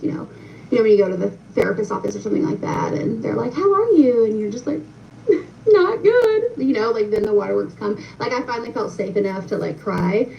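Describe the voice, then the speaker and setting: A woman's voice: medium pitch, creaky. A young woman casually telling a personal story to her viewers, chatty and full of fillers, talking straight to them. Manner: chatty, many fillers, addresses viewers directly. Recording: distant, muffled with faint noise.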